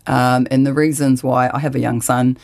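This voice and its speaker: A woman's voice: very deep voice, level tone, normal speed, creaky, a little mellow. A woman, answering interview questions with passion and indignation. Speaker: activist guest.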